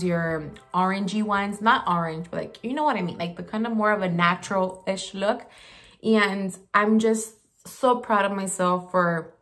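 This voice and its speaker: A woman beauty vlogger chatting casually while doing her makeup at home, gushing and talkative, in a gravelly morning voice. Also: mid-range voice. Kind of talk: casual makeup tutorial chat.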